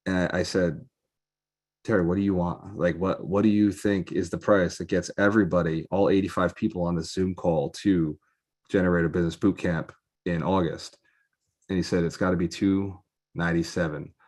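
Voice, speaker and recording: A man hosting a live event, giving an energetic, emphatic motivational pitch that repeats lines for effect. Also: moderate pace. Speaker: real estate mentor and event host.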